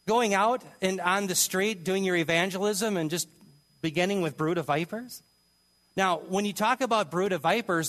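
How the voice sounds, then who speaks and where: A man's voice: high voice, a bit bright. Emphatic man teaching the Bible. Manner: emphatic, asks rhetorical questions.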